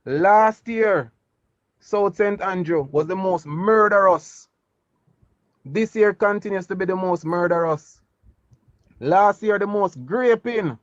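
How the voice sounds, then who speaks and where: Combative Jamaican man, high muffled voice. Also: slow, long pauses, dry recording. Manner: combative, repeats himself, Jamaican Patois phrasing. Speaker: political caller. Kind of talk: heated political debate.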